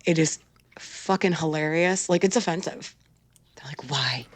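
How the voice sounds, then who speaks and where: A woman's voice: lowish voice, fairly even intonation, normal speed, no room sound. A middle-aged woman co-hosting a podcast in casual chat, blunt and swearing freely, laughing often. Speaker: podcast co-host.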